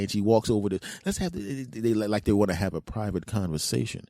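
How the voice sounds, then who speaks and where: A man hosting a podcast, telling a comic story in an animated, self-mocking way and acting out voices. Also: low voice, fast talker, few pauses, no echo, clean studio sound. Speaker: podcast host. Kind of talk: comedic storytelling monologue.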